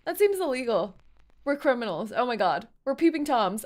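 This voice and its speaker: A woman streamer reading a game's story aloud and reacting with excitable commentary. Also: a little high, moderate pace. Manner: excitable, reads story text aloud, bursts into loud reactions. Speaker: streamer playing a game.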